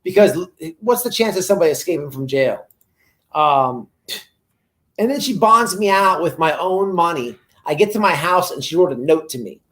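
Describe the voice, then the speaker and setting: A man with a fairly high voice chats casually on a couple's livestream. He tells his story in a relaxed, rambling way. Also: moderate pace. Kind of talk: casual chat.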